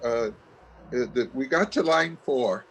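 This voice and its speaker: A man of middle pitch gives a hesitant report to an online class, pausing on fillers and restarting his sentences. A faint hiss hangs behind him. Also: a bit bright, poor audio. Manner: halting, many fillers and restarts. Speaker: class participant reporting back. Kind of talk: casual report in a video call class. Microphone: video call.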